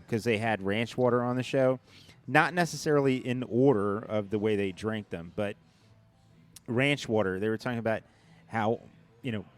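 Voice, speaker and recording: A man co-hosting a podcast in casual chat, rambling with frequent restarts and dry jokes. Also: fairly low pitch. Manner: joking, sarcastic. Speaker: podcast co-host.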